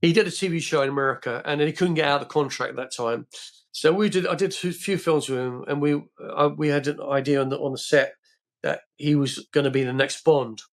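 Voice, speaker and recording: Older man telling rambling anecdotes. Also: a little high. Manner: rambling, halting with many fillers and restarts. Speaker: podcast guest, film actor. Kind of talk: casual interview storytelling.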